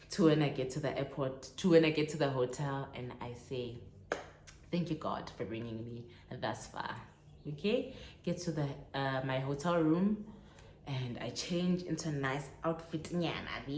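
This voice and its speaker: A young South African woman telling a lively travel story in a casual vlog, acting out the dialogue as she goes. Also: sits low, reverberant, a little hiss or hum. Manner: animated storytelling, acts out dialogue. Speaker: vlogger. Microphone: phone on tripod.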